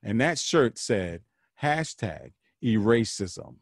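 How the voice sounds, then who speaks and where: Male podcast host, earnest monologue, animated delivery, dry close sound. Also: fairly low pitch, slow, gravelly, dry recording. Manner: earnest, preachy, repeats phrases for emphasis.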